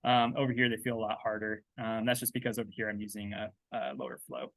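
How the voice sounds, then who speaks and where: A man giving a casual software tutorial, chatty and loose, thinking aloud with lots of fillers and checking in with "right?" as he works on a laptop. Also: lowish voice, little pitch movement, fast, creaky, no room sound. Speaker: 3D texturing instructor. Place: indoors at a laptop.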